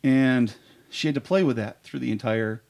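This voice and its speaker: A man with a gravelly, creaky voice talks in a relaxed podcast chat. He tells eager, rambling stories as an improv performer and trails off into fillers as he goes. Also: medium pitch, normal speed.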